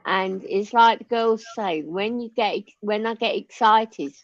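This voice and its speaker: A woman in her sixties with a Lancashire accent chats casually and laughs often. Her pitch sits in the middle. The sound is dry and a little muffled. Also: measured pace, no echo. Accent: Lancashire English. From Lancashire, England. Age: 60s. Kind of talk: casual chat.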